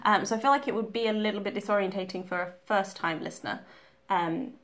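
A woman's voice: mid-range voice, fast talker, fairly bright tone. A young woman talking casually about her reading, chatty and full of ums and restarts. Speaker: book vlogger.

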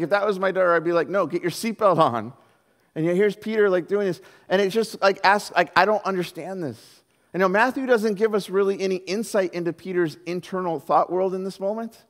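A middle-aged man preaching a sermon as pastor, telling the story with animated quoted voices. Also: high-pitched, big-room sound. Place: church hall.

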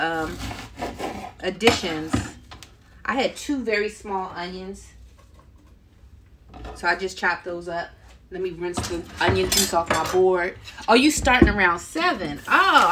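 Chatty middle aged woman talking to her viewers while she cooks, laughs a lot, knife and pans banging loud in the back. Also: mid-range voice, heavy background noise. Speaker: cooking livestream host. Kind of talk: casual cooking livestream chat. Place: home kitchen. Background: loud chopping and kitchen clatter.

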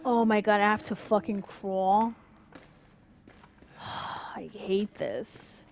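A young woman giving profane, jumpy let's-play commentary, yelling and cursing when scared. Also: mid-range voice, very slow, gravelly, a little hiss or hum. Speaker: gaming streamer. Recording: faint game music behind.

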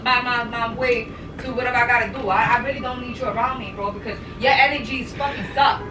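A woman's voice: fairly high pitch, fairly even intonation, quick pace, roomy sound. A young pregnant woman vlogging, talking in a blunt, exasperated way with street slang and lots of repetition. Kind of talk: casual argument on camera. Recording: distant mic with vehicle noise.

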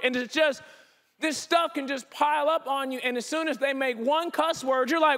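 A man giving a conference sermon in an animated preaching style, with casual slang. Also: extremely high pitch, moderate pace. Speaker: keynote speaker.

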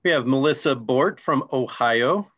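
A man co-hosting a casual online call, reading names in a relaxed, friendly, joking way. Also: medium pitch, measured pace, lo-fi sound. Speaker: co-host.

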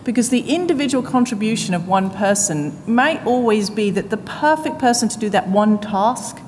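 During a panel discussion in a conference hall, a woman panelist at a business conference shares anecdotes emphatically, laughing frequently as she argues her points. She sounds a little high, animated and slightly mellow at a normal speed, and the hall is reverberant with faint noise.

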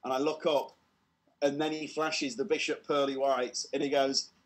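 This British man's mid-range voice moves at an ordinary pace as he spins a funny story for an online show. He's lively throughout, acting out the different voices and cracking himself up along the way.

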